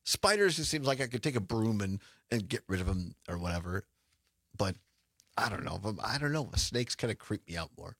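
A man's voice: fairly low pitch, sing-song, moderate pace, fairly bright tone, no echo. A man hosting a call-in radio show in a studio, chatting casually, joking and laughing often. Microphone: studio microphone.

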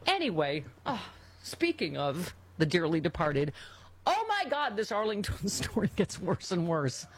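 Animated middle-aged woman radio host, husky. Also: fairly low pitch, unhurried. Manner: animated, emotional storytelling. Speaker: radio talk show host. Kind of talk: casual talk radio chat.

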